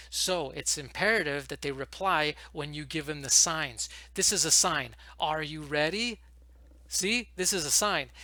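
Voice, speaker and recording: A man teaching how to run an online English lesson, talking fast and emphatically and acting out classroom phrases. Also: a little high, pushed and bright, no room sound, rough recording. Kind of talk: instructional talk to camera.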